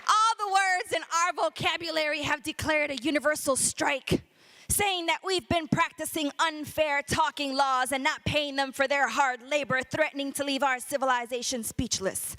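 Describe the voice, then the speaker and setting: A woman's voice: high voice, normal speed, pushed and bright. A woman spoken word poet telling a story to students and performing a poem, rhythmic and emphatic, slipping between English and Spanish. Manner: casual, joking banter with the audience. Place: school auditorium before students.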